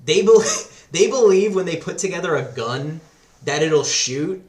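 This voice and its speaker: A man's voice: on the high side, expressive, measured pace, a little mellow. A man chatting as a podcast guest, rambling and profane, laughing often. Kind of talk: casual chat. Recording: roomy echo.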